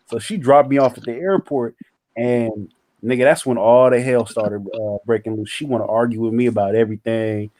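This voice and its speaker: A man telling a story in casual chat, animated and profane, acting out other people's lines. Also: medium pitch, unhurried. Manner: animated, profane, acts out quotes.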